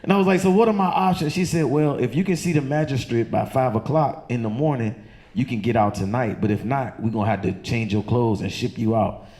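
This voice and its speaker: A man from doing loose, profane stand-up storytelling on a comedy club stage, jumping into high squeaky voices for the people in his story. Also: fairly quick, dark tone. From Chesterfield County, Virginia.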